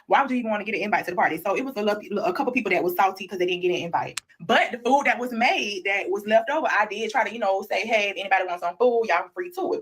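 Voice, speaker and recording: Fast-talking woman telling a story. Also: mid-range voice. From Florida, USA. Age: 30s. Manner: animated, slangy, addresses viewers as y'all and child. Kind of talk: casual storytime chat.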